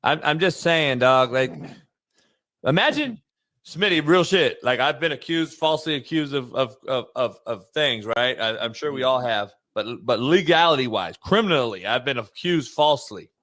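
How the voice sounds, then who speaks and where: A young man hosting a casual sports podcast, profane and animated, acting out scenes as he talks. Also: medium pitch, normal speed, no room sound, studio quality. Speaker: podcast host. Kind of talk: casual comedic sports talk.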